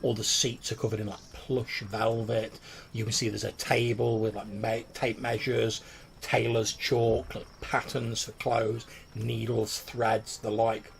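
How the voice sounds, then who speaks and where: Gravelly guy running a tabletop game, chill rambly narration, bit of background hiss. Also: lowish voice, flat delivery, unhurried. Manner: casual, lots of "like" fillers. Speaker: game master.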